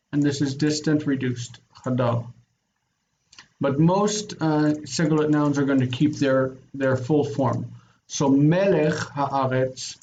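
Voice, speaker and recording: A man teaching a Biblical Hebrew grammar lesson, explaining patiently and slowing down to spell out word forms. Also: on the high side, darkish tone, lo-fi sound, a little hiss or hum.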